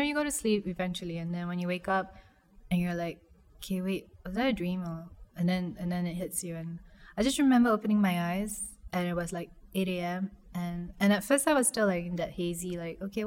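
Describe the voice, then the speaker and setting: Young woman, personal storytelling, soft, halting, filler words. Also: fairly low pitch.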